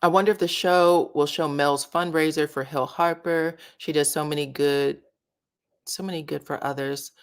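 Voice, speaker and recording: A woman's voice: deep voice, fairly even intonation, normal speed. A woman hosting a casual reality-show commentary, chatting and reading viewer comments aloud. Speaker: commentary channel host.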